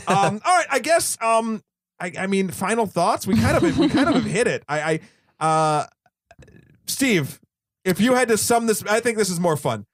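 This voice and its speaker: Guy hosting a movie podcast, kinda high voice, rambly and sweary, tossing out nerdy tangents. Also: very animated, normal speed, dry recording, studio quality. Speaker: podcast host. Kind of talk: casual movie podcast chat.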